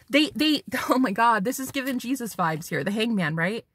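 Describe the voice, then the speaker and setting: A woman's voice: fairly high pitch, expressive, brisk, few pauses, fairly bright tone, slightly rough. A woman psychic medium giving a spiritual tarot reading, talking bluntly and preachily and swearing for emphasis.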